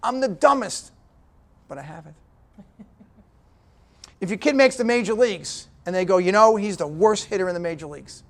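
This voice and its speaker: Guy with a pretty high voice doing a motivational talk, blunt, keeps saying okay to the room. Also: lively intonation, fairly quick, pauses often. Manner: punchy, direct, talks to the audience with repeated "okay?". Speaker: guest speaker at a business breakfast. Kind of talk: motivational speech.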